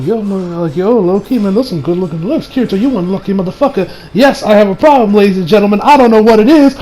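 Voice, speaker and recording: High gravelly-voiced excitable man reviewing. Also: low-quality recording. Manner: rambling, slangy, excitable, laughs a lot. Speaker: anime reviewer. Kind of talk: casual episode review.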